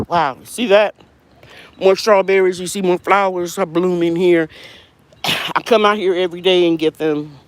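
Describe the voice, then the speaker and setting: A middle-aged home gardener hosts a casual outdoor garden tour on her channel, recorded on a handheld phone with no room sound. Her lowish voice stays steady at a measured pace with long pauses, though she chats, rambles, and corrects herself as she goes.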